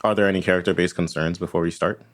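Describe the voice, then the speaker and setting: A man's voice: sits low, fairly even intonation, very fast. A man running a tabletop game as game master, rambling casually and tagging his points with "right?". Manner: rambling, tags lines with "right?".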